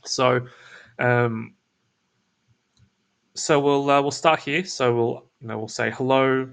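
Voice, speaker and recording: A man's voice: mid-range voice, slow, vocal fry, a bit bright, clean tone. A man hosting his own show, explaining a sales script in a casual screen-share walkthrough, laid back and full of restarts and fillers. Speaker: SEO business owner and show host.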